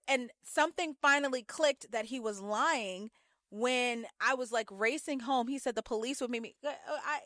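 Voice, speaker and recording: A young woman giving a casual commentary vlog, telling stories in an animated way with sudden jumps in pitch. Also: dry recording, clean studio sound. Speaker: YouTube commentator.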